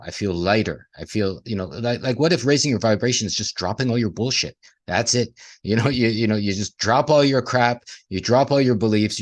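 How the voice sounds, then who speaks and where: Brief: man, lowish voice, rambling animated co-host in casual spiritual talk.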